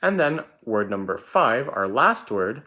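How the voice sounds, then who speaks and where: A man's voice: medium pitch, very animated, unhurried, sharp tone. A man teaching a recorded spelling lesson for children, patient and repetitive, calling out words and letters.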